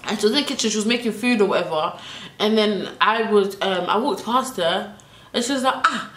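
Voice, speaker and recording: A woman's voice: mid-range voice, fairly quick, fairly bright tone, echoey room. Chatty young woman. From South London. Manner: chatty, lots of fillers, acts out quotes. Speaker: vlogger. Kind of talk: casual storytime.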